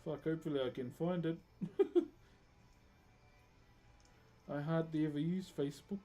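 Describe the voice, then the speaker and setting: A man's voice: a little high, steady tone, measured pace, dark tone, faint music behind. A man from rural New Zealand with a matching accent, chatting casually and jokingly with viewers on a live stream, calling them brother. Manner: laid-back, jokey, calls everyone brother. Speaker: wood carver streaming live. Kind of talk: casual livestream chat with viewers.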